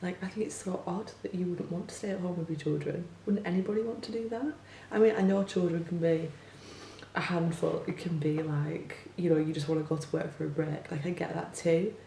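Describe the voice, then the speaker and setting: Speaking a little fast in a fairly low, gravelly voice with a dark tone, a young teacher shares her opinions casually. She uses lots of filler words and rhetorical questions, recorded on a distant mic in an echoey room with faint hum.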